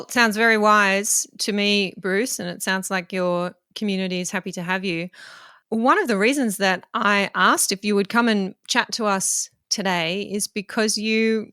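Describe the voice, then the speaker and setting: Female podcast host, smooth and crisp, friendly interviewer who laughs readily. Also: mid-range voice, no echo, clean studio sound. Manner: warm prompting, laughs easily.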